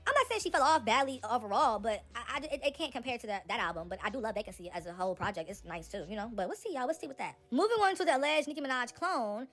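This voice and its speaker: A woman's voice: fairly high pitch, animated, fast talker, hardly any pauses, fairly bright tone, soft background music. A woman hosting a celebrity gossip channel, giving casual, sassy and opinionated commentary straight to her viewers.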